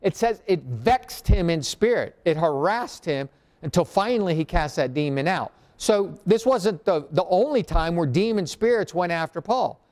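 A man's voice: high-pitched, expressive, normal speed, a little mellow. A male pastor preaching a sermon, firing questions at the congregation and making sarcastic asides. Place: church.

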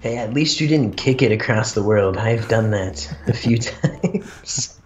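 A man's voice: lowish voice, animated, unhurried, muffled recording, noisy background. A man co-playing a game in casual chat, laid-back, stumbling over and repeating words, laughing a lot. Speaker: guest co-player.

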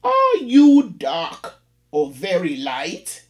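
A man's voice: sits high, wildly swooping pitch, very slow, heavily acted. A man voicing a prim, prying British landlady speaking on the phone in a poem reading. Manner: clipped and prying.

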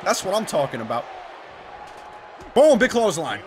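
High, lively young man excitedly gaming. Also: normal speed, some chatter behind, a little hiss or hum. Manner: loud, excitable, swears and shouts at the game. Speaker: gaming commentator. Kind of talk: excited let's-play commentary.

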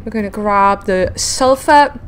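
A woman hosting a casual game video, chatting excitedly to viewers and talking to the creatures she meets. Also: mid-range voice, measured pace, a little hiss or hum. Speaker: gaming video host. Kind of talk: casual let's-play commentary.

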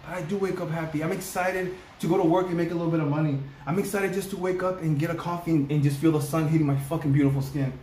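Man, slightly high voice, near tears, raw and repetitive; roomy echo. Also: fairly even intonation, quick pace, hardly any pauses, darkish tone. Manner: raw, heartfelt, repeats himself for emphasis. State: on the verge of tears. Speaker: reaction video co-host. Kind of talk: emotional casual reaction talk. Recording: roomy echo, faint background noise.

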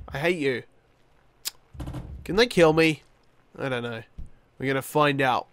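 Young male gamer, sleepy and slow-paced, chatty with bursts of excitement. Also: mid-range voice, no echo. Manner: chatty, rambling, with many fillers and sudden excited outbursts. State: tired, yawning. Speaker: gaming YouTuber. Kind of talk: casual let's-play commentary.

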